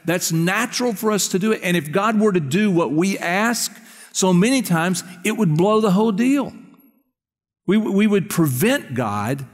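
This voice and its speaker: Male pastor, a bit high-voiced, chatty sermon style, big church reverb. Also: lively intonation, a little slow. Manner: conversational preaching, quizzing the congregation. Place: church sanctuary. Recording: long hall reverb.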